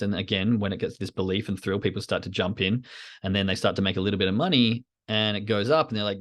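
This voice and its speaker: A man with a lowish voice gives a relaxed trading lesson, talking through a chart step by step. He slips into little acted asides that voice what nervous traders are thinking. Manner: casual, acts out traders' inner thoughts in quick asides. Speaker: trading educator. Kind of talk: explaining charts in a podcast lesson.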